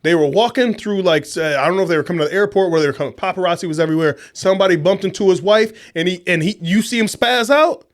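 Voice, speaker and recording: Podcast co-host, male, slightly high voice, loose slangy delivery, heavy cursing. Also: quick pace, few pauses. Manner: animated, slangy, swears a lot. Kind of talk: casual drinking chat.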